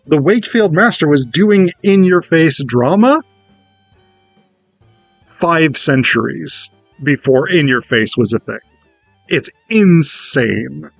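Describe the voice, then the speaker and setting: Man, casual lecture, animated, chatty, swears, slightly high voice, dry sound. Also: slow pace, vocal fry, pauses often, dry recording, faint music behind. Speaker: theatre educator.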